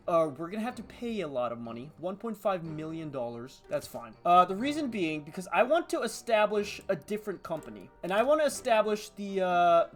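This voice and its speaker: Animated let's-play commentator, jokey and chatty, pitch jumping all over, faint music underneath. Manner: excitable, chatty, jokey, laughs often. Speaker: video game YouTuber.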